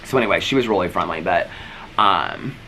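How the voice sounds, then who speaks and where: A man's voice: deep voice, expressive, a little fast, bright, forceful tone, soft background music, low-quality recording. A man vlogging in casual chat, rambling as he retells stories and acts out what people said. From United States. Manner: rambling, retells scenes acting out each line.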